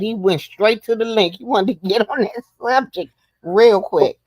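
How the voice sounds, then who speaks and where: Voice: medium pitch, moderate pace, darkish tone, no room sound. A panelist in casual chat, earnestly recalling details and giving warnings.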